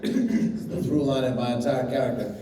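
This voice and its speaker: A man's voice: medium pitch, big pitch swings, moderate pace, crowd noise, natural voice. A man playing a TV-obsessed boy who performs as a pompous male robot actor, grandiose and self-adoring, in a live comedic script reading. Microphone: phone in the audience. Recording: echoey hall, phone from far off.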